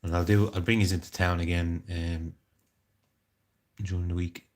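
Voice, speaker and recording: A man's voice: low-pitched, flat delivery, moderate pace. An Irish man chatting casually on a live stream, rambling and greeting viewers by name. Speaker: livestreamer.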